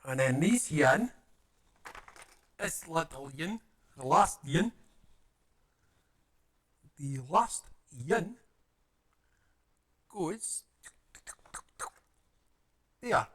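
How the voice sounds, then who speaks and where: Man, chatty build commentary, slow unhurried talk, slightly high voice, goofy sound effects. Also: expressive, fairly bright tone. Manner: playful, mutters to himself, makes silly sound effects. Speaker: paper model builder.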